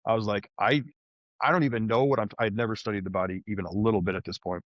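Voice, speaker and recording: Male podcast guest, mid pitch, eager storyteller who keeps restarting sentences, dry close sound, a bit dull. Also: racing, dry recording. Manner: animated, frequent restarts and fillers. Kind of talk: conversational storytelling. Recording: dull, slightly muffled podcast audio.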